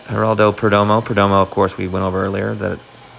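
Brief: low, gravelly male streamer heckling a ballgame, swearing and joking. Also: level tone, quick pace, fairly bright tone, faint music behind. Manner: profane, heckling, jokey outbursts. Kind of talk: live sports watch-along commentary.

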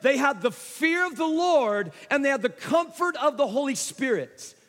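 A man's voice: extremely high pitch, animated, moderate pace, a bit bright. A man preaching a sermon to a congregation, telling a story in a conversational way and speaking straight to the listeners. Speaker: pastor. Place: church sanctuary. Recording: long hall reverb.

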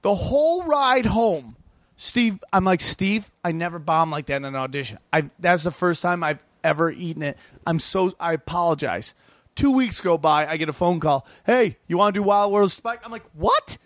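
A comedian guest on a podcast, telling rapid, profane stories and acting out quotes in casual chat. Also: male voice, high voice, dry recording. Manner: rapid, profane, animated storytelling with acted-out quotes.

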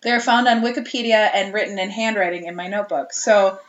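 A woman's voice: mid-range voice, brisk. A woman co-hosting a podcast in casual chat, jokey and laughing often. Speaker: podcast co-host. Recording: roomy, dull lo-fi sound.

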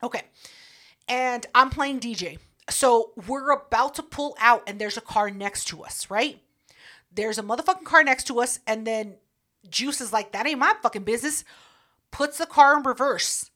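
A woman co-hosting a podcast, telling stories in a brash, profane, animated way. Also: a little high, normal speed. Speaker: podcast co-host. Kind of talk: casual storytelling chat.

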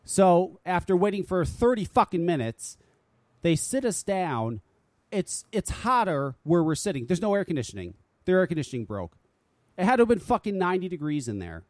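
A male talk radio host rants in a lively, bouncing voice that sits a little high for a man. He swears constantly and sounds fed up, and his voice is close and dry. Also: moderate pace, dry recording. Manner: animated, exasperated, swears freely. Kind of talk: casual profane talk radio rant.

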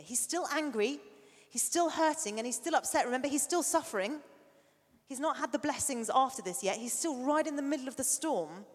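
A middle-aged woman preaching a sermon, an animated storyteller who sometimes drops to a soft near-whisper. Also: a little high, moderate pace. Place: church hall. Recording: long reverb of a large hall.

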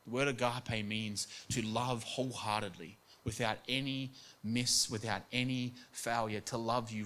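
An earnest man preaches a sermon at an everyday mid pitch. He acts out quoted voices as he goes and repeats words for emphasis. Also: fairly even intonation, unhurried, hardly any pauses, fairly bright tone. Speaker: pastor.

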